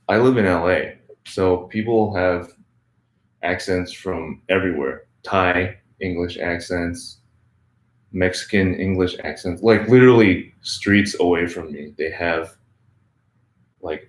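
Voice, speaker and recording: A man hosting an English-learning channel, answering viewer questions in a relaxed, chatty way full of "like" and "um". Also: sits low, echoey room. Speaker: English teacher, channel host.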